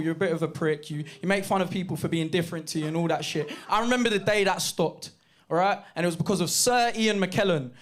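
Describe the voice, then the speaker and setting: A man performing a lively stand-up set, telling stories with shouted impressions. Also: high-pitched. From Jamaican heritage, East London. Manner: animated storytelling with bursts of shouted impressions. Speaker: stand-up comedian. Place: comedy club stage. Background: audience laughter.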